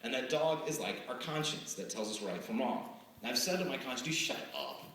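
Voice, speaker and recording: A man giving a lively live talk to a student audience, often acting out the voices of the people in his stories. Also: medium pitch, brisk. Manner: animated, acts out quoted voices. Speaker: speaker addressing students. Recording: echoey hall from far off, faint hiss.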